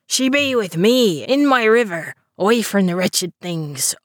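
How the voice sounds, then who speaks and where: A woman voicing a gruff male river troll who speaks in broken grammar. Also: mid-range voice, lively intonation, a little slow, dry recording, clean studio sound, natural voice.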